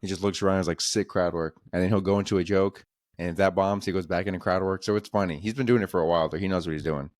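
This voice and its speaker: Young guy podcast host, low voice, swears a lot, rambles through stories, dry close mic. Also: steady tone, darkish tone, no echo. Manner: swearing, rambling storyteller doing quick voices of people. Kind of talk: casual chat.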